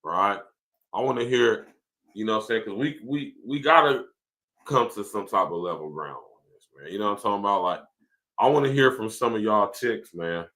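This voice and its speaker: This podcast host's voice leans low and is bright, forceful, and expressive at a normal speed. He rants casually with plenty of profanity during a livestream, laughing often and reading out what viewers write.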